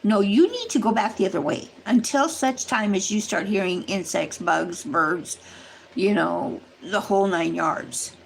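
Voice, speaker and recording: Brief: female livestream host, gravelly creaky voice, mid pitch, rambling earnest casual chat. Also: unhurried, a little hiss or hum, low-quality recording. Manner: addresses viewers directly. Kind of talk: casual chat to a live audience.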